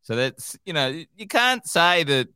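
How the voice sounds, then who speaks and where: A teasing Australian man co-hosts a podcast, and his voice jumps high into mock outrage. The recording is close and dry, with a lively swinging pitch. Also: unhurried, smooth, no room sound. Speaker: podcast co-host. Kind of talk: casual chat.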